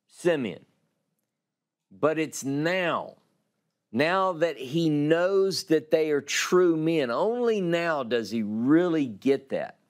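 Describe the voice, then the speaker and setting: A man teaching a Bible class, reading scripture aloud slowly and dramatically and explaining it. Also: medium pitch.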